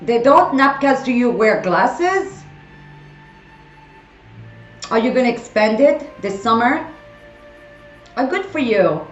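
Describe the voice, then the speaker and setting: A woman's voice: a little high, expressive, slow, pauses often, echoey room, lo-fi sound, soft background music. A woman in her forties with a French accent, chatting playfully with her viewers on a stream. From France. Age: 40s. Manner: playful, teasing viewers by name. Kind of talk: casual chat with live chat.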